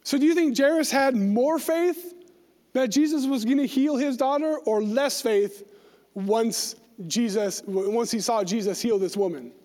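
A very high-pitched man teaches a Bible lesson in a casual, talky way, checking in with "right?" and slipping into the voices of the people he describes. His voice carries a long reverb from a large hall. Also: unhurried, a little mellow. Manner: conversational, acts out quoted voices, asks "right?".

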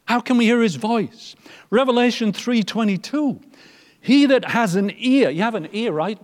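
A man preaching a sermon, moving from loud emphatic lines to soft, almost whispered ones. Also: very high voice, animated, normal speed, in a large hall.

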